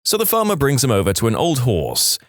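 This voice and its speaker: A man hosting a podcast, reading jokes aloud in a deadpan way. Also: medium pitch, a little fast, no room sound, studio quality. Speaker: podcast host.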